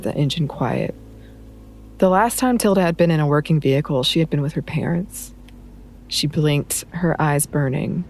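A woman narrating a novel in a measured, even storytelling manner. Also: deep voice, slight background noise. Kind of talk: audiobook narration.

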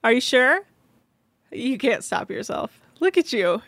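Playful high-voiced woman podcast host. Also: very animated, vocal fry, a bit bright, no room sound. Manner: playful and crude, quick to mimic others. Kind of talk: casual chat recapping a reality show.

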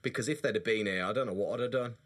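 A man in his thirties chats on his podcast with a bright, slightly husky voice. He is animated and jokey, quick to exaggerate and laugh. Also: on the low side. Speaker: podcast co-host. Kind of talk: casual chat.

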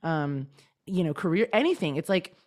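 A young adult woman chatting casually as a guest, animated, often slipping into lively voices to quote herself and others. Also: sits low, moderate pace. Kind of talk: casual chat.

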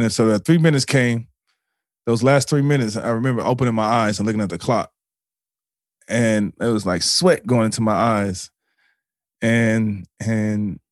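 A man's voice: fairly low pitch, darkish tone, no room sound, studio quality. A man as a podcast guest, telling a personal story in an earnest, emotional way, with swearing, fillers and frequent restarts.

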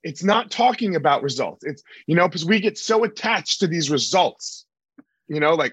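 A man hosting a podcast from a hotel room, relaxed and affirming, often repeating himself. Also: on the high side, normal speed, husky, no echo, dull audio. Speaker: podcast host. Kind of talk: casual interview chat.

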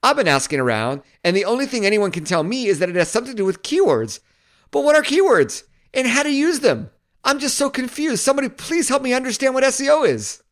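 Man doing a stand-up comic bit, exasperated, up-pitched questions. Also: very animated, quick pace. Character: baffled, whiny male stand-up comic.

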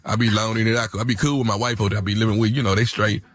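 A slick, bragging boyfriend who slips into drawling slang and rambles on, tripping over his own words, as a man puts him on for a radio laugh. The voice sits low and loose. Every line leans on swagger and easy talk. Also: little pitch movement, rapid-fire, a bit bright, faint music behind, natural voice. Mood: smooth-talking. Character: phony smooth-talking boyfriend, slangy and boastful. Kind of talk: comic radio impression.

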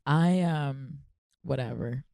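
A woman co-hosting a podcast in casual chat, jokey and quick to laugh. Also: very deep voice, creaky, warm tone, no room sound, clean studio sound. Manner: giggly, jokey, slips into silly voices.

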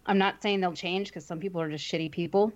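A woman's voice: lowish voice, steady tone, quick pace, highs cut off. A woman co-hosting a livestream, talking frankly and chattily, thinking aloud as she goes. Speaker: streamer, co-host. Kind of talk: casual chat on a livestream.

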